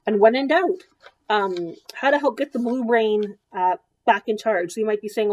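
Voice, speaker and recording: A woman's voice: medium pitch, moderate pace, dull audio. A woman in her thirties, a child development therapist, giving an educational presentation to parents in a conversational way with frequent ums.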